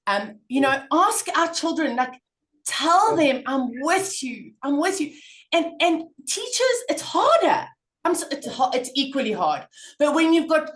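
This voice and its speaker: A middle-aged woman speaking in a conversational interview, telling stories with emphatic repetition. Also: high voice. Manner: emphatic, animated storytelling with repetition. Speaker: parenting guest speaker.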